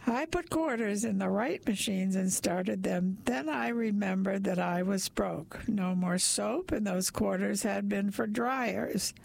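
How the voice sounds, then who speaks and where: Slow, gravelly woman reading a story. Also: mid-range voice. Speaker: narrator.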